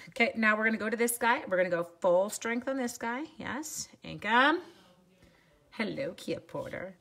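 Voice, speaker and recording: A woman's voice: medium pitch, animated, moderate pace, fairly bright tone. A woman, hosting a casual live craft demo at home and chatting upbeat with viewers while she works. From Canada. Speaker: craft demonstrator.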